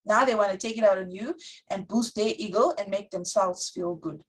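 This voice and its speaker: Woman Bible teacher with a husky, breathy voice; earnest sermon delivery, reads verses slowly. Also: mid-range voice, rough recording. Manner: earnest, slows to read scripture aloud.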